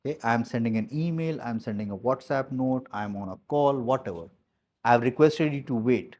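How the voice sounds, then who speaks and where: A man's voice: mid-range voice, a little fast, a little mellow. Blunt, emphatic man giving a team talk. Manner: emphatic, repeats key phrases, blunt with mild swearing. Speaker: business coach addressing his team.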